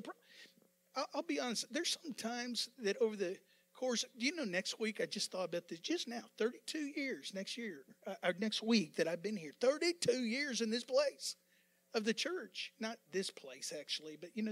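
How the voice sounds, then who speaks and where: High-voiced fervent pastor preaching. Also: male voice, very animated, normal speed. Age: over 50. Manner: fervent, repetitive, builds to yelling, joking asides. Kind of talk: sermon.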